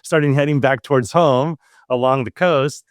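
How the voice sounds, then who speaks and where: A man's voice: medium pitch, normal speed, clear, resonant tone, no room sound. Man telling a story, dry close sound. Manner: animated, acts out quoted dialogue. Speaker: podcast host. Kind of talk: casual storytelling.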